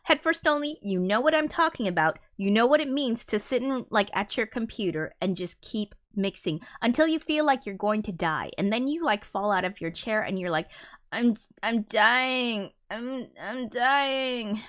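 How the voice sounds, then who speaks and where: A woman musician chats on her live stream, rambling with plenty of fillers and swearing and reading viewers' comments aloud. Her medium-pitched voice is expressive and brisk, with hardly any pauses.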